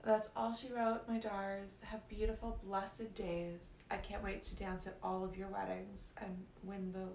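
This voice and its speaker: A woman's voice: medium pitch, little pitch movement, measured pace, creaky, few pauses, a little mellow, slight background noise. A woman life coach giving a live-streamed motivational talk, brash and profane, calling her listeners cuties. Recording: roomy, a little off-mic, faint ambience.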